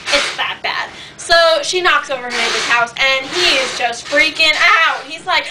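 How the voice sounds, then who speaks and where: A woman's voice: high-pitched, normal speed, few pauses. A woman improvising a silly comic story in a rambling, giggly, chatty way. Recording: distant mic, noisy home video.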